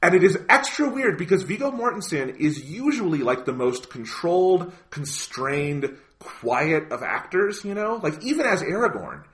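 A man co-hosting a podcast in casual chat, animated and swearing freely, with lots of "like" and "you know". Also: a little high, normal speed, hardly any pauses. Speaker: podcast co-host.

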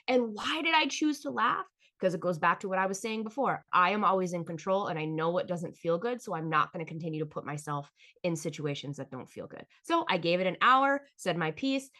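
A woman's voice: lowish voice, expressive, brisk, pushed and bright. A woman hosting her own podcast, telling personal stories in a candid, blunt and profane way and speaking straight to her listeners. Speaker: podcast host. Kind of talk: candid solo storytelling.

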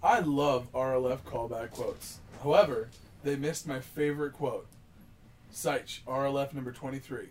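A man's voice: mid-range voice, moderate pace, slight background noise, rough recording. A man hosting a casual podcast chat, laughing often as he reads out listener comments. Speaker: podcast host.

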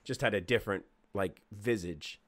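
A man's voice: on the low side, normal speed. A young man co-hosting a podcast, chatting casually and rambling with lots of fillers. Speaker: podcast co-host. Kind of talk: casual chat.

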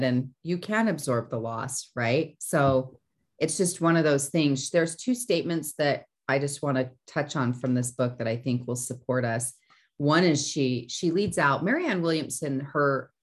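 A woman hosting a motivational talk, speaking earnestly and often checking in with "right?". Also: rumbling low. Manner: earnest, repeats phrases with "right?". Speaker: host. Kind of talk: motivational teaching chat.

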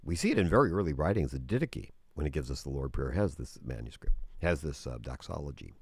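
A man's voice: very deep voice, big pitch swings, fast, few pauses, slightly rough, no echo. A man teaching earnestly in conversation, explaining at length with frequent restarts. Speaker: guest teacher on prayer.

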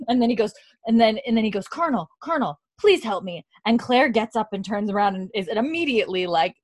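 A woman's voice: mid-range voice, fast. A woman hosting a casual podcast chat, retelling scenes and acting out the characters' lines. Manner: animated storyteller, acts out characters' lines. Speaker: podcast host recapping a show.

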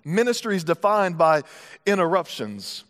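High-voiced pastor preaching in a hall. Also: male voice, big pitch swings, normal speed, fairly bright tone. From United States. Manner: casual, joking asides. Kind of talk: sermon.

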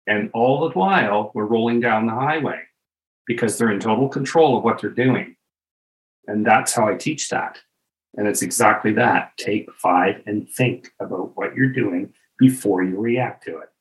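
Man, trucking instructor, low voice, down-to-earth storyteller. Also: normal speed, poor audio. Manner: plain-spoken, practical, explains by example. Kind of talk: casual podcast conversation.

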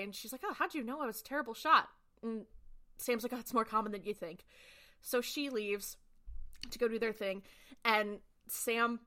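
A young woman co-hosting a podcast, retelling a TV episode in a quick, lively way and acting out the characters' lines. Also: on the high side. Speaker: podcast co-host. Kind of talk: casual recap chat.

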